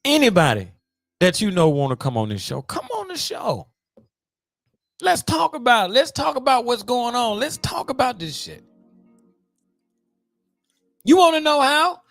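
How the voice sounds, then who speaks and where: A man's voice: very high voice, a little slow, pauses often, no echo, clean studio sound, soft background music. A man hosting his own podcast, rambling and swearing freely as he invites guests. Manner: rambling, profane and animated. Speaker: podcast host. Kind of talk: casual podcast monologue.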